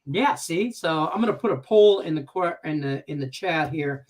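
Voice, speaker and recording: A man's voice: fairly high pitch, expressive, moderate pace. A man hosting a casual live stream chat, rambling and chatty, often laughing as he tells stories. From Detroit, Michigan. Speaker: host.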